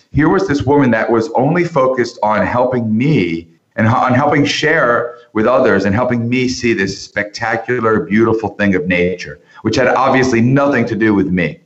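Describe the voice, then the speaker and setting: A man who is a podcast guest, telling a long story with lots of restarts and animated turns. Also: medium pitch, echoey room, dull audio. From New York area. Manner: animated anecdote-teller with frequent restarts. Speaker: interview guest.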